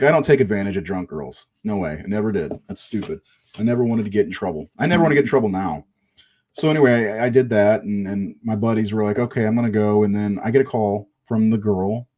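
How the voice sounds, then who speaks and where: Middle-aged male storyteller, low mellow voice, rambling and profane. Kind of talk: casual storytelling.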